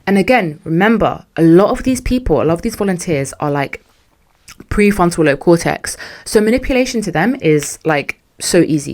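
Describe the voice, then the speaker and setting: A young woman talks through her story on a podcast. Her voice sits a little low, and she sounds casual, slangy and exasperated. She swings between animated bursts and dry asides. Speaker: podcast host.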